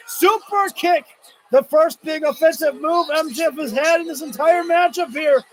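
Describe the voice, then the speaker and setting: A man with a very high voice calls a wrestling match live on his stream, excitable and quick to shout and curse when the action peaks. A faint hiss of noise sits under his voice. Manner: reacts loudly, swears, shouts at big moments. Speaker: livestream wrestling commentator. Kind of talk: excited play-by-play commentary.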